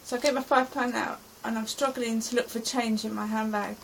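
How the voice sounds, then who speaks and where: A woman's voice: on the high side, steady tone, a little fast, gravelly, a little hiss or hum, poor audio. A middle-aged woman from England giving an anxious, rambling account of her day as a personal diary. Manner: anxious, rambling present-tense retelling. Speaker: vlogger.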